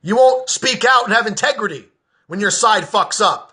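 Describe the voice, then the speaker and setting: A man podcaster giving a heated, profane political rant straight to camera, openly shouting. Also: sits high, lively intonation, moderate pace.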